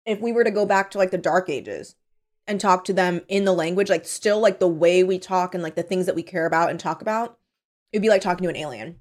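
A woman's voice: fairly low pitch, a little fast, a little mellow. Chatty young woman co-host. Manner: chatty, lots of "like". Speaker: podcast co-host. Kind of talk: casual chat.

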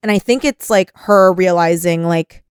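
A woman's voice: fairly low pitch, normal speed, clear, resonant tone, no room sound, clean studio sound. Chatty woman hosting a podcast. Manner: agreeable, reads plot summaries aloud, frequent "like". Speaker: podcast host. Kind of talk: casual podcast chat.

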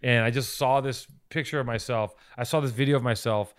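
Smooth-voiced man snorting into the mic. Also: medium pitch, brisk. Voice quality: snorting, nasal breathing into the mic. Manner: profane, animated, self-mocking. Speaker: podcast co-host. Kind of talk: casual podcast banter. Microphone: cheap lav and phone mic.

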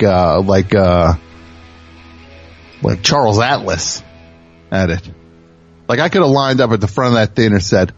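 A man's voice: lowish voice, highs cut off. Rambling man in a comic monologue. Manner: rambling, self-mocking, many restarts. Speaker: radio show host.

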